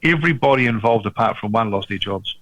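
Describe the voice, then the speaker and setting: A man's voice: on the low side, animated, quick pace, a bit bright, no room sound, low-quality recording. A New man, a restaurateur, telling his story in conversation with many restarts and a frequent "mate". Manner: emphatic, restarts often, says "mate". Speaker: restaurateur guest.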